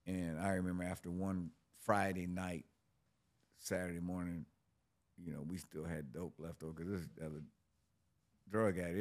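Deep, gravelly man telling stories. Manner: profane, laid-back street talk. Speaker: interview guest. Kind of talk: casual storytelling.

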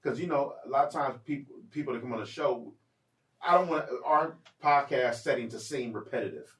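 A man's voice: medium pitch, brisk, a bit bright, roomy sound, recorded from a distance. A man hosting a podcast in casual chat, loose and rambling, with frequent restarts and ums. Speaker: podcast host.

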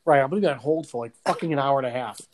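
A man in his 40s with a mid-range voice races through profane stories on a casual podcast, swearing freely and laughing at his own jokes. He is an animated storyteller, and the recording is rough.

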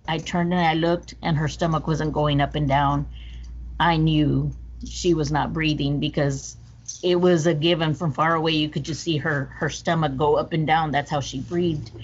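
A woman recounting a personal story as a guest, in an earnest, detailed way with small restarts. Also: deep voice. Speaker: podcast guest. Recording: slightly muffled with faint noise.

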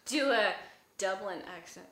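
A woman's voice: mid-range voice, lively intonation, unhurried, fairly bright tone. A woman co-hosting a casual chat, teasing and laughing along. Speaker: podcast co-host. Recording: echoey room.

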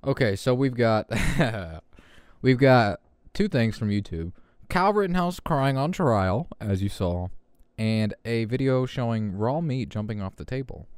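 Young male podcast host: cussing, animated ranter with a smooth, dry close voice. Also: mid-range voice, unhurried, dry recording. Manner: profane, animated ranting. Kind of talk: casual podcast rant.

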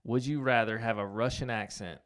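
A man hosting a podcast, talking in easy casual chat. He chuckles often and lets his asides trail off. His voice sits in a middle pitch. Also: steady tone, brisk, fairly bright tone. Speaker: podcast host.

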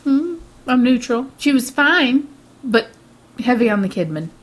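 A woman's voice: high-pitched, very animated. A woman co-hosting a casual film review chat, teasing and laughing often. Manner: giggly, teasing, quick to question. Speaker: film review podcast co-host.

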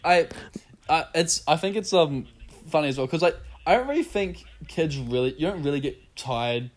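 A man's voice: fairly high pitch, animated, moderate pace. Giggly swearing young New man. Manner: giggly, swearing, reads comments aloud. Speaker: podcast host. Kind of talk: casual podcast chat.

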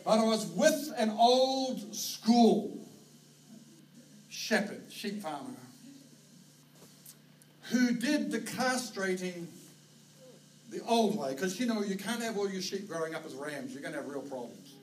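A man with a New Zealand accent preaching a sermon as pastor, telling stories with animated delivery and shouted herding calls. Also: high-pitched, slow pace, pauses often. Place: church auditorium. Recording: roomy, distant hall mic with faint noise.

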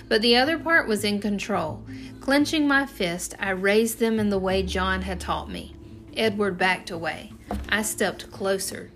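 A woman reads a storybook chapter aloud as a first-person narrator. Her voice sits in a medium register, steady and even as she tells the story, and soft music plays faintly underneath. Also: mid-range voice. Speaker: audiobook narrator.

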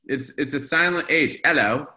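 A man as a podcast guest, chatting casually and upbeat, quick to agree. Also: mid-range voice, pushed and bright.

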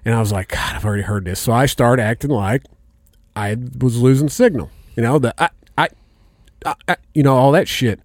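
A man telling stories in a casual chat, swearing freely and getting animated as he goes. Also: medium pitch, fairly quick, dry recording, studio quality. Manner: profane, animated storyteller.

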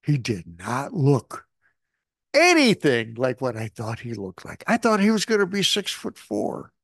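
Gravelly older man telling stories. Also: medium pitch, unhurried, no room sound, clean studio sound. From Connecticut. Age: 70s. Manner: animated, acts out voices in his stories. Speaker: guest, veteran radio newsman. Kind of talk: storytelling anecdotes.

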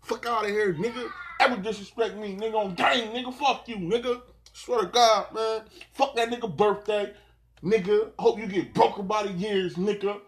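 A man's voice: high voice, fairly even intonation, moderate pace. A man hosting a podcast, ranting in a brash, profane, trash-talking way with lots of repeated slang. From South Jersey. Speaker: podcast host. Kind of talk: profane solo podcast rant.

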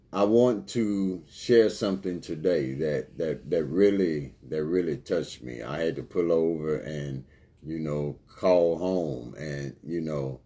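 A man hosting a podcast in an earnest, unhurried, thankful way. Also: low-pitched, warm tone, slightly rough. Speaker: podcast host. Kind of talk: casual podcast talk.

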